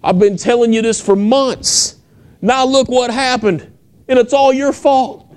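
A man's voice: very high voice, steady tone, a little slow, a little mellow, clean tone, pitched above the performer's own voice. A man voicing a frustrated woman who complains to God about her small kitchen, in an exasperated, pleading way. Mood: exasperated wail.

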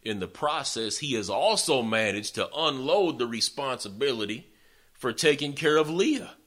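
A male preacher telling a story in a sermon, folksy and animated, often speaking straight to his listeners. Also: medium pitch, moderate pace.

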